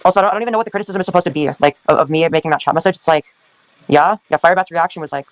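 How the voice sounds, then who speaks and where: A man's voice: on the high side, racing. A man talking on a stream in a dismissive, sarcastic way, swearing as he goes. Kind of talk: stream chat.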